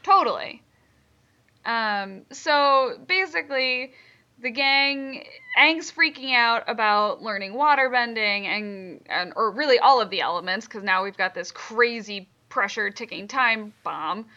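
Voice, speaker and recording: A woman's voice: on the high side, animated, measured pace, sharp tone, muffled recording. A woman co-hosting a podcast, recapping episodes in casual, giggly chat full of ums. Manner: chatty, giggly, many ums. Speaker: podcast co-host.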